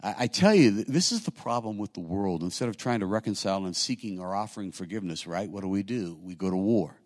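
A middle-aged man preaching a sermon as pastor, talking conversationally and building to loud, emphatic peaks. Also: low voice, lively intonation, quick pace.

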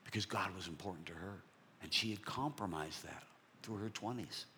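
A man giving a sermon testimony, telling his story in an animated way and dropping to soft whispers. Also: low-pitched, normal speed, a little hiss or hum.

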